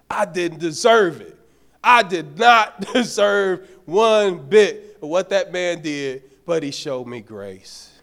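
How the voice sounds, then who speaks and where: A man with a notably high voice preaches a sermon in a church as a deacon. He tells a personal story in an animated, folksy way. He speaks straight to his listeners, and his voice swells from easy talk into loud, shouted peaks. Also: creaky. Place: church sanctuary.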